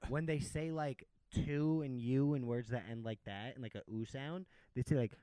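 A man hosting a podcast in casual chat, animated and swearing freely. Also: medium pitch, normal speed, smooth, no room sound. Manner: animated, profane, excitable. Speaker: podcast host.

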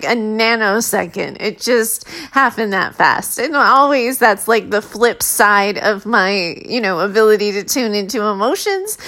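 A woman candidly telling a personal story to listeners in a chatty, conversational way, growing animated as she relives the emotion. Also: a little high, poor audio.

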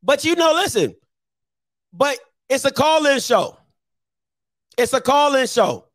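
A man hosts a sports call-in show with a strikingly high-pitched voice. He argues bluntly and hammers his points by saying them over and over. His voice sounds dry and close to the mic. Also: very animated, unhurried, dry recording. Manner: blunt, repeats himself for emphasis. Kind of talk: argumentative sports call-in talk.

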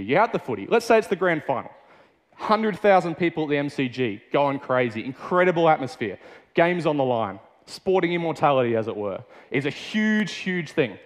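A young Australian man preaching a sermon in a casual, chatty way with many fillers and restarts. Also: mid-range voice. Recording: long hall reverb.

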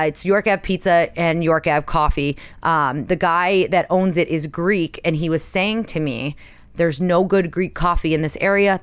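A woman talks casually as a podcast host, chatty and self-mocking, peppering her talk with "like". Her voice sits low and comes across smooth and clear. The sound is dry and close, with no room around it. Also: no room sound. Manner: chatty and animated, self-mocking, full of "like" and laughs. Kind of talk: casual chat.

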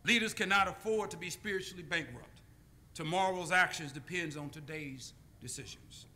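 Male preacher, high bright voice, storytelling sermon with call-and-response. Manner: call-and-response, deliberate pauses.

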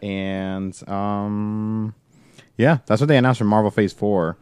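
A man's voice: fairly low pitch, fairly even intonation, slow, darkish tone, clear, resonant tone, no room sound, clean studio sound. A man hosting a casual chat, rambling and filling his talk with "like". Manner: rambling, fills speech with "like".

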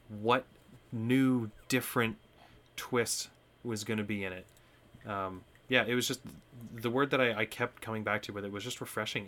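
A man in a casual podcast chat, speaking earnestly and haltingly with many ums. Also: lowish voice, pushed and bright.

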